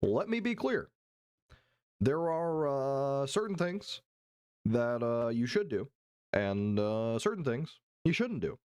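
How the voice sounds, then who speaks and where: A man doing an impression of a former male president, with a slow, halting presidential cadence full of pauses. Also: mid-range voice, sing-song, a little mellow, clean tone. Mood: lecturing.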